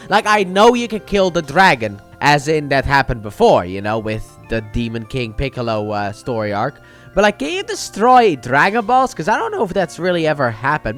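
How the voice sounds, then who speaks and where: A man's voice: fairly high pitch, fairly bright tone. A man with a slight cold, casually recapping an anime episode in a rambling, chatty way and acting out the characters' lines. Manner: chatty, rambling, acts out quotes in playful voices. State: a little sick. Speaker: anime reviewer.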